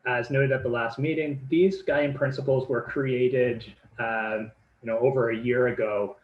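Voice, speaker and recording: A man's voice: medium pitch, fairly even intonation, normal speed, roomy sound, muffled recording. A man giving an informal presentation, loose in delivery, with many fillers and repeated words.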